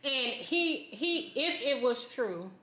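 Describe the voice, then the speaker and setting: Chatty woman guest with a bright voice. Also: high-pitched, animated, roomy sound. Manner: chatty and supportive, quick to agree. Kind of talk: casual chat.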